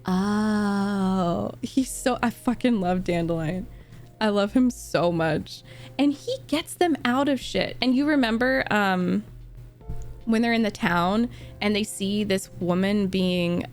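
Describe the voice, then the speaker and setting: A young woman, a book streamer, chatting excitedly with viewers, swearing and laughing often. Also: mid-range voice, measured pace. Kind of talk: casual chat with viewers. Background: faint music.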